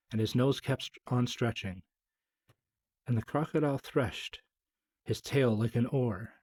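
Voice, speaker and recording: A man with a husky, mellow, mid-range voice reads a children's story in a measured, gently dramatic way, going softer for asides. The low-quality recording is dry and close, with no echo.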